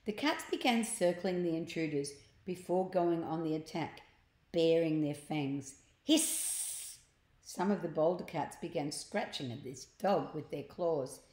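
A woman reading a children's storybook aloud at a slow, careful pace. Her voice sits a little low, and she stops to explain words and pictures to young listeners. The room gives it a noticeable echo. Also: dark tone. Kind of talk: children's book read-aloud. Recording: echoey room.

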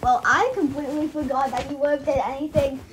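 Chatty high-voiced young woman reacting. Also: steady tone, fast, background noise. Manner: chatty, restarts a lot, mocking. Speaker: reaction video host. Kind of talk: casual reaction commentary.

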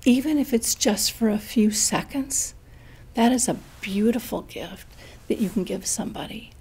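A middle-aged woman speaking earnestly about dementia care and telling a family story with lively quoted voices. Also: a little high, normal speed, husky. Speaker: dementia educator and host. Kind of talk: conversational storytelling.

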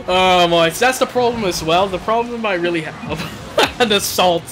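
A young man giving live commentary over his own gameplay, excitable, repeating words in rapid bursts and yelling at tense moments. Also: sits high. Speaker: gaming YouTuber.

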